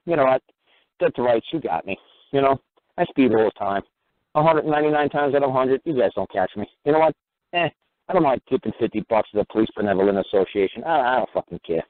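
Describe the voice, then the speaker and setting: Over a tinny phone line, a radio talk show host rambles through a profane monologue that keeps circling back to "you know what." His voice is mid-range, with no echo.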